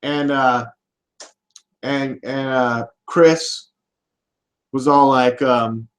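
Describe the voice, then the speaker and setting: A man's voice: medium pitch, steady tone, very slow. Ranting, profane man hosting a podcast. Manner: swearing, ranting, jumps to loud shouts. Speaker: host of a political podcast. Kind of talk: live podcast rant.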